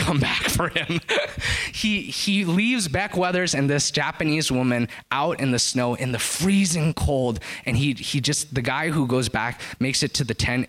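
Animated male preacher telling a story. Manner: animated storyteller, rises to high excited pitch at climaxes. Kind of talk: sermon with storytelling.

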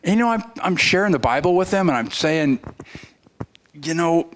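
A man preaching to a congregation in a fairly high voice. He tells his story casually, stumbling and restarting as he goes. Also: animated, moderate pace, a bit bright, slight background noise. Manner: conversational storytelling with frequent restarts. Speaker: guest preacher. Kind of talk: sermon.

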